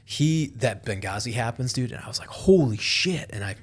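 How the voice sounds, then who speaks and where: A man's voice: mid-range voice, fairly quick. A man hosting a podcast, chatting casually and animatedly, swearing often and acting out quotes. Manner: animated, swearing, quoting others in lively voices. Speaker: podcast host. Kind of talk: casual chat.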